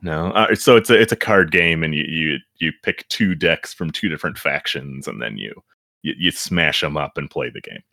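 Deep-voiced dude on a podcast, lively, keeps laughing and restarting, dry close sound. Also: male voice, moderate pace, creaky, no echo. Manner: animated, laughs while reading, restarts often. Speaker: podcast guest reading reviews. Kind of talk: casual podcast chat.

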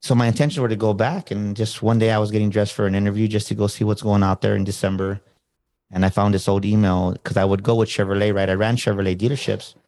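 Male guest, motivational speaker; lowish voice, casual storytelling, acts out the dialogue. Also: quick pace. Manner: animated, acts out quoted dialogue.

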